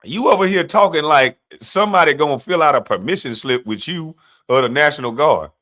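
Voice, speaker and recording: A man's voice: a little high, expressive, fairly quick, bright, forceful tone. Fired-up man ranting on a livestream. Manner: combative, mocking, talks back to clips. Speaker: livestream commentator. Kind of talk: heated political commentary livestream.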